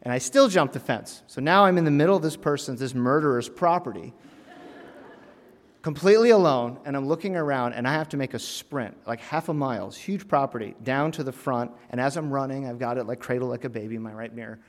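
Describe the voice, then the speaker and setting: A man of middle pitch preaches in a sermon, building into loud, emphatic bursts and then falling back quiet. He tells a funny personal story along the way. His voice trails off into a long hall reverb. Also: a little fast.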